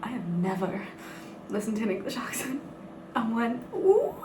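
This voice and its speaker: A woman's voice: a little high, moderate pace. Giggly Northern Irish woman in an echoey room. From Northern Ireland. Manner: chatty and giggly, swears freely, talks in bursts. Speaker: book vlogger. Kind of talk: casual chat to camera. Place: bathroom at night. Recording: echoey room with background noise.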